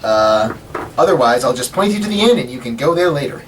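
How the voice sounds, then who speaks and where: A man's voice: mid-range voice, very animated, fairly quick, natural voice. A man voicing a cheerful, chatty young male halfling. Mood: upbeat. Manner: eager, upbeat, rambling. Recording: distant mic with background hiss.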